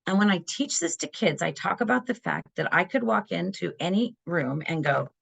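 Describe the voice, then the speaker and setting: A middle-aged woman presenting a parenting webinar in a casual, animated way, acting out quoted voices. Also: on the low side, normal speed, gravelly, few pauses, husky.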